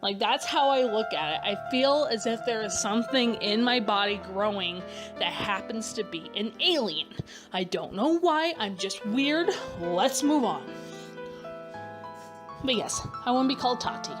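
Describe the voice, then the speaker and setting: A woman's voice: on the high side, expressive, measured pace. Young woman, candid rambling voice-over. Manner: candid and rambling, with frequent fillers and self-corrections. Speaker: vlogger answering a tag. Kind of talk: casual voice-over. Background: clear background music.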